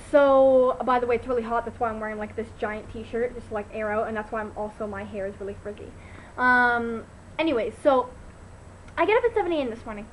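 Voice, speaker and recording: A teenage girl vlogging at home into her laptop, telling a story in an animated, chatty way full of "like" and fillers. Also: fairly high pitch, slight background noise, low-quality recording. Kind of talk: casual chat to camera. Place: at home, indoors.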